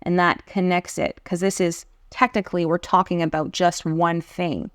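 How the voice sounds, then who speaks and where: A woman teaching an online English lesson, explaining punctuation rules patiently and clearly and reading example sentences aloud. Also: fairly low pitch, level tone, moderate pace, no room sound, clean studio sound.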